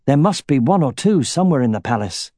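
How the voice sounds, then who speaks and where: Man doing a calm matter of fact soldier, mellow tone, dry close sound. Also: medium pitch, a little fast, no room sound. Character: calm, steady soldier man, practical medic.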